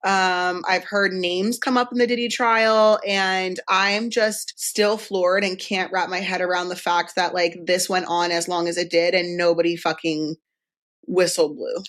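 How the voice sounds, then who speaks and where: A woman's voice: lowish voice, fairly even intonation, a little slow, fairly bright tone. A woman hosting a podcast who talks in a blunt, frank way and swears without a second thought. She sounds tired, and she switches between casual chat and reading ads. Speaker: podcast host.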